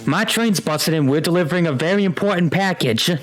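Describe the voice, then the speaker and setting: A man's voice: on the high side, fairly quick, natural voice. A man doing an earnest folk-hero railroad man.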